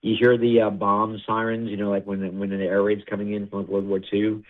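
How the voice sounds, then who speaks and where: A man who works as a wrestling producer, telling stories fast and animatedly in a casual interview, stumbling over restarts. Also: on the low side, little pitch movement. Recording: phone-line audio.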